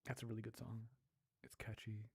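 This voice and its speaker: A man hosting a casual livestream, reading viewer comments aloud, laughing often and sounding out foreign words slowly. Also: fairly low pitch, flat delivery, gravelly, breathy edge. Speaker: livestream host. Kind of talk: casual livestream chat while learning a language.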